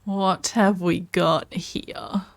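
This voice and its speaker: A woman's voice: fairly low pitch, steady tone, extremely slow, gravelly, dry recording. A woman streamer giving casual gameplay commentary, musing and thinking aloud as she plays. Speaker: game streamer.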